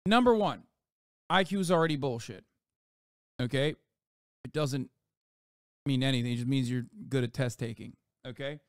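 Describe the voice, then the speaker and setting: A man's voice: medium pitch, normal speed, long pauses, no room sound, clean studio sound. A man livestreaming reaction commentary, ranting in a profane, sarcastic way.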